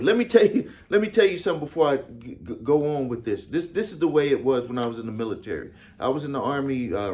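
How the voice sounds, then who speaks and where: A man's voice: mid-range voice, a little mellow. A man coaching small business owners, telling a client story casually to camera, often repeating phrases for emphasis.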